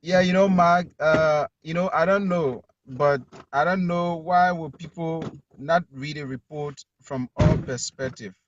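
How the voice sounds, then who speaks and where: A man's voice: a little high, a little slow, muffled recording, noisy background. A man with a Liberian accent, a journalist calling in who argues emphatically and repeats his key words. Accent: Liberian English. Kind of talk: call-in talk show.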